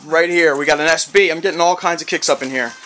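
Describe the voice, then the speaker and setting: A man's voice: on the high side, fast talker, sharp tone. A man giving a casual, hyped sneaker review in slangy, rambling talk. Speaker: sneaker vlogger.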